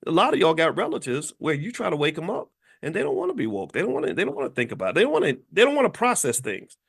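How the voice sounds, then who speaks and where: A man's voice: fairly high pitch, wildly swooping pitch, rapid-fire, creaky, breathy edge. A middle-aged man from Kentucky giving a blunt, lecturing casual monologue as a commentator host. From Louisville, Kentucky.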